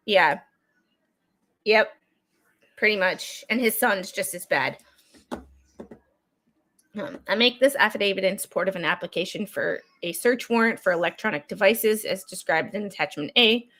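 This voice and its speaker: A woman's voice: mid-range voice, a bit bright. Chatty woman reading court papers aloud. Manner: chatty, digressive, breaks off into asides while reading. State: getting over a cold, coughing. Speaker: true crime streamer. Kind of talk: casual livestream reading court documents aloud.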